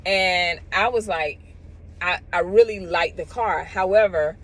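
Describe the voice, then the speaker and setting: A middle-aged woman talks casually about salon life, lively and quick to act out other people's lines. Her voice is a little husky. She is speaking outdoors. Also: on the low side, poor audio. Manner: animated, acts out others in quotes. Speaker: cosmetologist. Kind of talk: casual advice talk.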